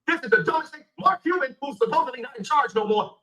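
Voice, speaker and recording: High-pitched, fast, furious ranting man. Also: animated, sharp tone, low-quality recording. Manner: heated, profane, emphatic. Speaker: sports commentator. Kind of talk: angry rant.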